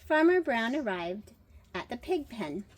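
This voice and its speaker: A woman's voice: a little high, very animated, a little hiss or hum. Older woman reading a storybook aloud. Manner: chatty, pausing to comment and wonder aloud. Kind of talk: children's picture-book read-aloud.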